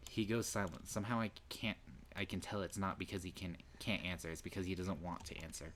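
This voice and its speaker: A man streaming a visual novel, reading the dialogue aloud between loud outbursts and swearing. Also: low-pitched, a little fast, slight background noise.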